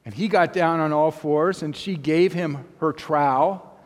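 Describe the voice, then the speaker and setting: A man preaching, telling a story in a measured, unhurried way with long pauses between phrases. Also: on the high side. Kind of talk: sermon storytelling. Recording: long reverb of a large hall.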